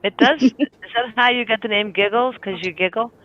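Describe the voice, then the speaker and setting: A middle-aged woman with a raspy, warm voice, hosting a casual group voice chat and laughing often. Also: a little high, moderate pace. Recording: tinny phone-like line.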